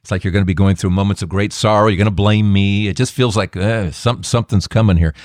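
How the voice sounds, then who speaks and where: A man's voice: on the low side, steady tone, fast, no room sound, clean studio sound. A man hosting a faith podcast, commenting in an emphatic, preacherly way with rhetorical questions. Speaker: podcast host.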